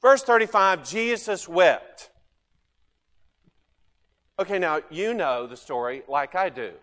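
A man preaching a sermon, animated, asking his listeners questions and swinging between loud bursts and quiet asides. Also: high voice, slow, in a large hall. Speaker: pastor.

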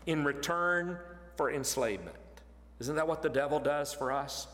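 A man preaching an expository sermon, animated and emphatic, pushing his voice up to stress points. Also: mid-range voice, moderate pace. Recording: long hall reverb.

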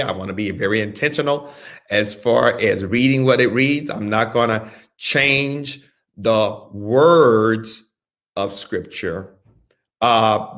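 Slow, deliberate male Bible teacher. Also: fairly low pitch, a bit bright. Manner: slow, deliberate, repeats phrases and gives instructions. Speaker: pastor.

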